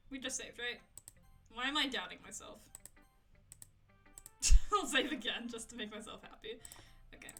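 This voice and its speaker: Chatty young woman streamer, bright voice. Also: a little high, normal speed, pauses often, faint music behind. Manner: chatty, self-talking, giggly, rambling to chat. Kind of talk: casual live-stream chat while gaming.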